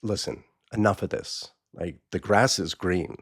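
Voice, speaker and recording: A blunt male tiger, fed up and exasperated, speaking in a deep, low voice, as a man puts him on while telling a story. The recording is dry and close, with no room sound. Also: unhurried, slightly rough, no room sound, heavily acted.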